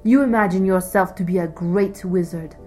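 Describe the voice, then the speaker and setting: A woman's voice: on the low side, moderate pace, dark tone, soft background music, close to an everyday voice. A woman voicing a wary, defensive male servant speaking to his king in a storybook reading. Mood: scornful.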